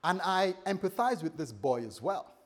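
A man preaching a sermon to a congregation, animated and telling stories with acted-out dialogue. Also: sits high, moderate pace. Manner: animated, acts out characters in dialogue.

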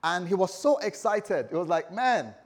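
Animated joking male preacher. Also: high voice, normal speed. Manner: animated, joking, acts out stories. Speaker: pastor. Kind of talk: sermon. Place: church.

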